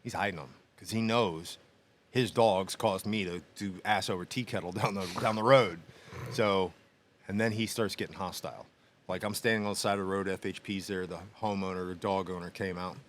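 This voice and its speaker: Middle-aged guy, low voice, animated storyteller, faint hum behind him. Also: normal speed. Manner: animated storyteller, acts out quoted voices, laughs often. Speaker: podcast co-host. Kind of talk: casual storytelling chat. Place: small machine shop studio.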